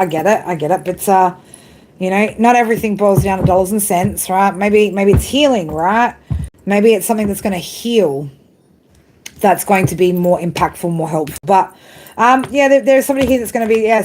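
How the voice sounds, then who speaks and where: A woman's voice: medium pitch, a little mellow, slight background noise. Blunt, cussing woman reading tarot. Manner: blunt, profane, tag questions after every phrase. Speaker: tarot reader. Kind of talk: live tarot reading monologue.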